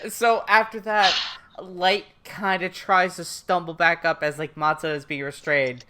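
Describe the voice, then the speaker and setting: A woman's voice: on the low side, steady tone, unhurried, bright, forceful tone. A woman casually recapping an anime with a co-host, chiming in and narrating the plot. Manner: chimes in with short reactions, then narrates the plot. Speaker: podcast co-host.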